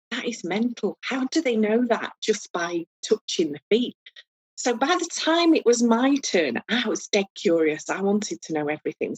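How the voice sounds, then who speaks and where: Animated woman telling stories. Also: medium pitch, no echo, poor audio. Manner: animated, humorous, acts out voices in anecdotes. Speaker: guest foot reader. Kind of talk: casual storytelling interview.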